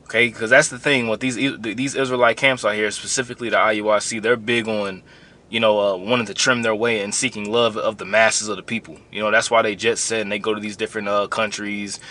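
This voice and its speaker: A man's voice: fairly low pitch, level tone, a little fast, sharp tone. A man giving an informal religious lesson to his camp, rambling and conversational, building to heated emphasis.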